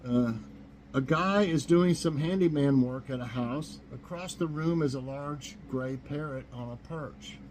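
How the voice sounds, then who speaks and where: A man's voice: on the high side, unhurried, a little mellow, a little hiss or hum, rough recording. Rambling man hosting a chat show. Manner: rambling, chuckles at his own jokes. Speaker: host of a morning chat show. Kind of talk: casual chat. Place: home kitchen.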